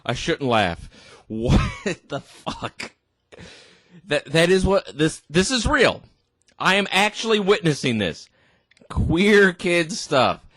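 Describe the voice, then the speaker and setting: A tipsy man rants at a video he is watching, crude and laughing in disbelief. His voice sits a touch high and swings widely, and he talks slowly in a dry, close sound. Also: sing-song, a bit bright, no room sound. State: drunk. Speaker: vlogger reacting to a video. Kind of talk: ranting reaction commentary.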